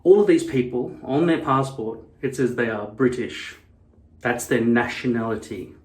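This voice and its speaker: A man's voice: mid-range voice, moderate pace, a little mellow. A man vlogging casually to camera, blunt and profane, wandering into rambling asides. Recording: echoey room.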